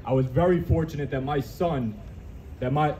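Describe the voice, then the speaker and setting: A man's voice: fairly high pitch, normal speed, mellow, a little hiss or hum. A man speaking to a crowd at an outdoor rally, emotional and earnest, restarting his sentences.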